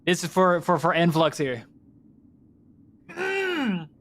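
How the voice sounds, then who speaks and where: A man with a slightly high voice commenting on his own gameplay. He talks casually and excitedly, swearing almost every line. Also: moderate pace. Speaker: game streamer.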